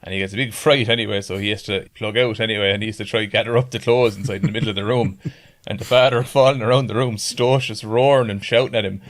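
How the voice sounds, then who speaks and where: A man's voice: fairly low pitch, steady tone, fast, few pauses. An Irish man telling a rambling story in casual chat, swearing often and laughing along as he goes. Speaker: podcast guest.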